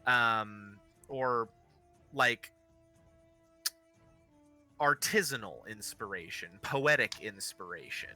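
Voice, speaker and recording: A man runs a tabletop game as its narrator. He talks slowly and haltingly, with a bright, crisp tone, and soft music plays behind him. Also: on the low side. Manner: rambling, halting narration with many fillers. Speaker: game master.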